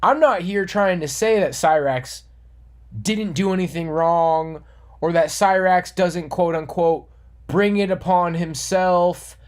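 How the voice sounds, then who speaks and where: A man's voice: high-pitched, takes it slowly. Man, online commentator, earnest moralizing rant, repeats himself, restarts words. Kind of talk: monologue rant.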